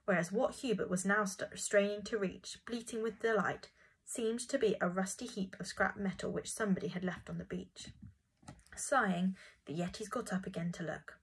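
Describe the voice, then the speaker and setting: A woman narrating a children's storybook in a gentle, expressive reading voice. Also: medium pitch, normal speed, breathy edge, rough recording.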